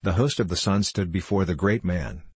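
A man narrating a classic novel in a measured, even storytelling manner on a close studio mic. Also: deep voice, husky, no room sound. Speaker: audiobook narrator.

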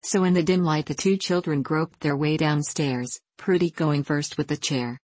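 A woman narrating a children's storybook in a gentle, even reading voice. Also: deep voice, moderate pace, few pauses, no echo.

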